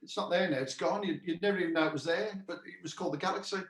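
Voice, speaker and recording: A man's voice: sits high, very fast, a bit bright. A man hosting a cabaret chat show, casually telling a rambling anecdote with many restarts over a video call. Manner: rambling, repeats "he said", restarts often. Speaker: cabaret musician host. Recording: roomy echo.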